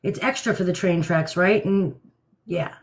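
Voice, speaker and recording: A woman's voice: fairly low pitch, measured pace. A middle-aged woman hosting a casual livestream from home at night, blunt and laughing often. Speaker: livestream host. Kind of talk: casual live chat.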